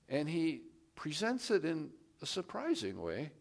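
Guy preaching slow, gravelly voice, leans hard on the big words. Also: a little high, wildly swooping pitch. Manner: slow and deliberate, rising to emphatic stress on key words. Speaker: pastor. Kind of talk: sermon.

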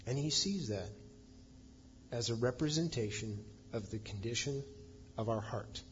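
A man's voice: mid-range voice, a little slow, muffled recording, a little hiss or hum. A man preaching a sermon as pastor, reading scripture aloud and stressing points with emphasis.

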